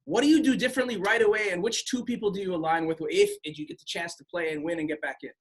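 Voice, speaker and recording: A man hosting a radio interview, asking his guest questions with eager fan excitement. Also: sits high, quick pace, breathy edge. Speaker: radio host.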